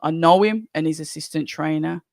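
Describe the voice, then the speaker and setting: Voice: mid-range voice, normal speed, creaky, a little mellow, no echo, studio quality. A streamer with a Birmingham accent hosting a live boxing watch-along, chatting casually and reading viewer comments aloud in a rambling style with frequent restarts. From Birmingham, England.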